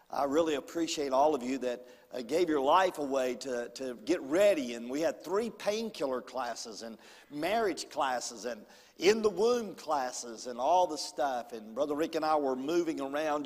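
A man preaching a sermon as pastor, swinging from loud excitement to hushed, soft storytelling. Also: a little high, long reverb tail. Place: church hall.

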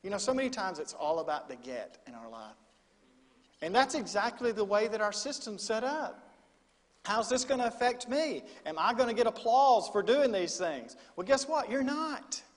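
A man's voice: high voice, expressive, moderate pace, in a large hall. A middle-aged man, a student minister preaching a sermon in a folksy storytelling manner. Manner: folksy storytelling with quoted asides.

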